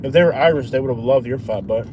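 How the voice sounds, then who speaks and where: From inside a car, with road noise in the background, a man hosts a live stream and chats casually. He speaks fast in a medium-pitched voice, arguing his point in an insistent, argumentative way.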